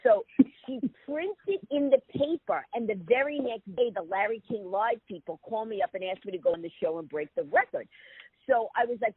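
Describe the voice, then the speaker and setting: Animated woman telling stories over a tinny line. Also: mid-range voice, husky, no echo. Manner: animated, quick comic storytelling with voiced quotes. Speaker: guest. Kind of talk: storytelling interview. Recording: tinny phone-line sound.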